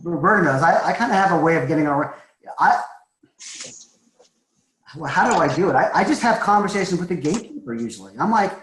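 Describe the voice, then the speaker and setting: A man's voice: a little high, lively intonation, brisk, long pauses, a bit bright, echoey room, low-quality recording. A man from Massachusetts coaching recruiters in a casual webinar, chatty and joking, with a schmoozing manner. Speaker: recruiting trainer.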